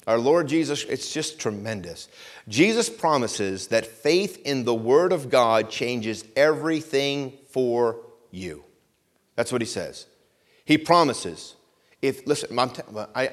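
A man from the United States delivers a sermon at a mid-range pitch. He builds to loud, rising emphasis, then drops to a hushed, earnest plea. He reads scripture in a slow, measured cadence. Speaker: pastor.

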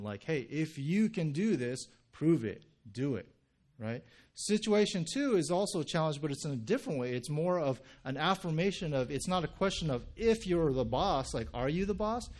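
A male pastor delivering a sermon in an easygoing, conversational manner. His voice sits a little high for a man. He peppers his points with quick "right?" check-ins and acts out little stories as he goes. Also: lively intonation, darkish tone. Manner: conversational, frequent "right?" and "like" asides; storytelling with acted quotes.

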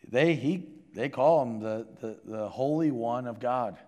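A man preaching a sermon to a congregation, shifting between loud emphasis and hushed intensity. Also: mid-range voice, measured pace. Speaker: pastor. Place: church sanctuary with congregation. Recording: long hall reverb from a sanctuary.

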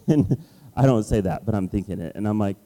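A man with a low, dark, mellow voice gives a sermon. He tells a story about himself with lively storytelling and plays up his own frustration. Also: quick pace, rough recording. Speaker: pastor. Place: Washington, D.C.

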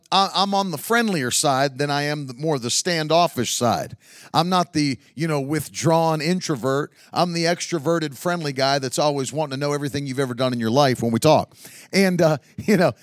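A man's voice: on the high side, no echo, clean studio sound. A middle-aged man preaching a sermon, a chatty storyteller who laughs often and builds to emphatic preaching. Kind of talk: sermon with humorous stories.

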